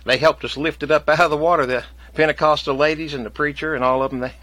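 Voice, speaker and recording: A man spins a comic yarn in a folksy rural drawl, taking on the voice of each person in the tale. His voice is bright and forceful. The sound is dry and close to the mic. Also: a little high, steady tone, fast talker, dry recording. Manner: drawling rural dialect, acts out both sides of his stories. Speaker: guest storyteller.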